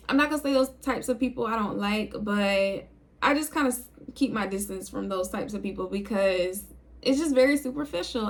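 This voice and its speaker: A young woman talking to her viewers in a low, calm, unhurried way, casual and reflective. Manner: low, calm, chill delivery. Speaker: video creator. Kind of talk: casual talk to camera.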